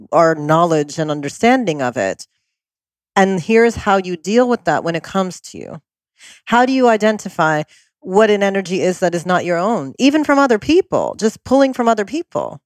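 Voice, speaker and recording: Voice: mid-range voice, no room sound. A podcast host making emphatic, opinionated points in a conversational interview.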